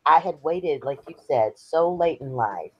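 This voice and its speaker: A man's voice: fairly high pitch, animated, measured pace, husky, no room sound, highs cut off. A man, earnestly sharing his personal story as an interview guest. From Texas. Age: 50s. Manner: earnest, candid and reflective.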